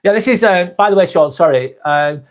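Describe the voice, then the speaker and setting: This North West England man sounds high-pitched and lively, speaking at a normal speed. In broad Lancashire English he runs a casual live stream, reading the chat, being blunt, swearing and saying mate a lot.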